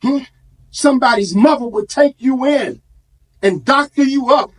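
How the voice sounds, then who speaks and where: A man's voice: very high voice, unhurried. A man giving an impassioned speech to a live audience, preacherly, with call-and-response and street vernacular. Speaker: community organizer speaking at an event.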